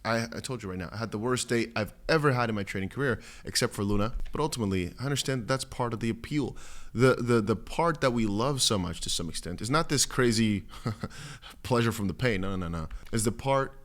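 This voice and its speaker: A man hosting a casual crypto news video, chatty and animated, with a strained, cracked voice. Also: mid-range voice, brisk. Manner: animated and chatty, acts out panicked viewers. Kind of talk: casual to-camera market update.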